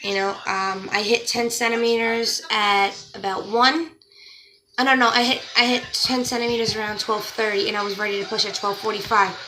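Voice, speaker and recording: A young woman vlogger telling a story in a casual, animated way, acting out what others said in her own voice. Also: mid-range voice, moderate pace, background noise. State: pregnant. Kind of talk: casual story-time chat to camera. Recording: faint music behind.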